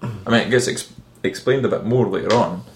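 A man's voice: fairly low pitch, a little fast, a little hiss or hum. A man co-hosting a casual film podcast, wry and bantering, laughing along. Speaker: podcast co-host. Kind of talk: casual film review chat. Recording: roomy echo.

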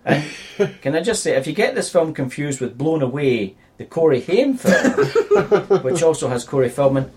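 A man co-hosting a casual film podcast, dropping wry, deadpan asides. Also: on the high side, moderate pace. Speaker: podcast co-host.

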